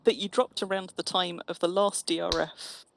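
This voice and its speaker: A woman's voice: on the low side, steady tone, normal speed, creaky. A woman chatting casually and teasingly while streaming an online game. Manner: chatty, teasing, restarts phrases. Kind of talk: casual gaming chat.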